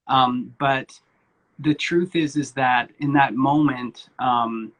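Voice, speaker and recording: A husky-voiced man in his forties tells his life story in a loose, candid way. He talks informally, pauses on fillers and swears without fuss. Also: mid-range voice, fairly even intonation, fairly bright tone. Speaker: guest speaker, spiritual coach.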